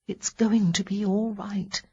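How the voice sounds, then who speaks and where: A woman's voice: medium pitch, level tone, takes it slowly, dark tone, slightly rough, highs cut off, pitched above the performer's own voice. A woman narrating an audiobook, voicing a caring young lady who sits at a sickbed, speaking earnestly and a little fretfully. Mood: reassuring. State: sleepy.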